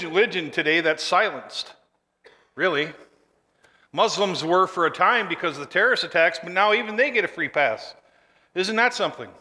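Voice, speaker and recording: Bright tense-sounding guy preaching in a church, long hall echo, gets real emphatic. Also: fairly high pitch. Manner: emphatic, builds to forceful declarations; leads the congregation in call and response. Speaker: pastor. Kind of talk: sermon.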